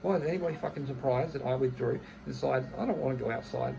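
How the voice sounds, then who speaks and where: A man's voice: mid-range voice, quick pace, gravelly, noisy background. A man, venting bluntly in a casual monologue, swearing heavily and often restarting his phrases. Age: 30s. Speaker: vlogger.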